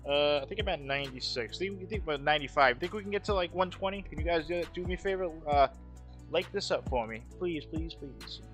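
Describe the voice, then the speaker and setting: A man's voice: a little high, a little fast, fairly bright tone, faint music behind. A man hosting a casual livestream, talking bluntly with lots of swearing and repeated phrases. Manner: blunt, profane, repeats himself. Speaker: livestream host.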